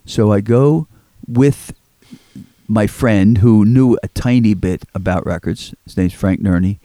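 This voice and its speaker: Unhurried and dark-toned, the lowish voice of an older Philadelphia record collector drifts through stories as an interview guest. He repeats words and acts out quotes along the way. No room sound comes through the studio microphone.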